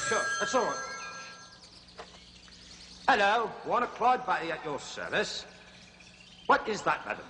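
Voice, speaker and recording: A man's voice: sits high, sharp tone, slight background noise, full character voice. A man playing a chattering, self-amused jungle explorer who hosts a zoo segment on a 1970s children's TV comedy and is easily flustered. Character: jolly bumbling male jungle explorer zoo host. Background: music.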